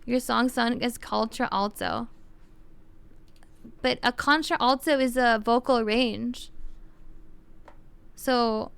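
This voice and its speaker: A woman's voice: fairly high pitch, fairly even intonation, takes it slowly, gravelly, pauses often, a bit bright, clear, resonant tone. A woman streamer chatting casually on a livestream, thinking aloud and rambling with lots of fillers.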